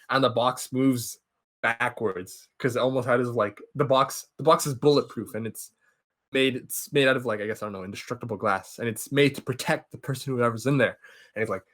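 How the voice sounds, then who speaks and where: A young man hosting a podcast, casually recapping a film series and jumping into quick impressions of the characters. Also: mid-range voice. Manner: animated, acts out characters' lines in quick impressions. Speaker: podcast host.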